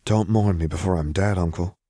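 A man reading a determined young hero, quiet and earnest. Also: low voice, a little fast, dry recording, clean studio sound. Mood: earnest, firm. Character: determined, sincere young man, tired but firm.

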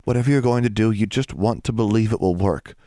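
A man's voice: fairly low pitch, fast talker, dark tone, no room sound, clean studio sound, voice pushed up, natural voice. A man voicing a frightened young schoolgirl witch who pleads tearfully with her friend. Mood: pleading.

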